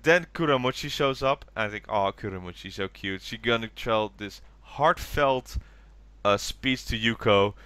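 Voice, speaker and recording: A man's voice: mid-range voice, unhurried, bright, forceful tone, smooth, no echo. A tired man co-hosting a podcast, rambling through a recap of a TV special and acting out quoted lines in raised voices. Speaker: podcast co-host. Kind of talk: casual chat recapping a TV special.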